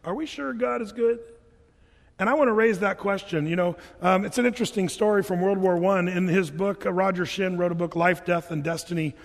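A man preaching a sermon as a pastor, chatty and animated, sometimes chanting scripture lines. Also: high voice, a little fast, vocal fry. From Oregon. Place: church hall. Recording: reverberant church hall.

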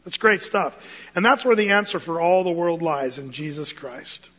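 A man preaching a sermon as pastor, animated, acting out Bible quotes in playful voices. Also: a little high, normal speed. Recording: muffled sound with long hall reverb.

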